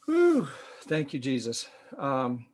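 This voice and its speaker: A man's voice: mid-range voice, wildly swooping pitch, slow pace, darkish tone. A man preaching a sermon as pastor, emphatic, repeating phrases with fillers and restarts. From United States.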